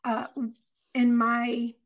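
A woman co-hosting a podcast, telling a personal story in candid, animated conversation, from Michigan. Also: on the high side. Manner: earnest, animated storytelling with quick asides. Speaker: podcast co-host.

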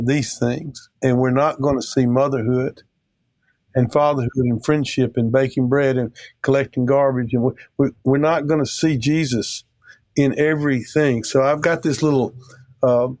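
A man's voice: medium pitch, darkish tone, dry recording. An American man, a guest theologian, talking and telling stories in an earnest, emphatic way with a close podcast mic. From United States. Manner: earnest, emphatic, rambling with restarts. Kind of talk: conversational storytelling.

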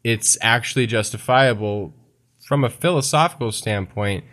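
A man co-hosting a live podcast, reasoning aloud in halting, restarted phrases. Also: mid-range voice, fairly bright tone. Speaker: podcast co-host.

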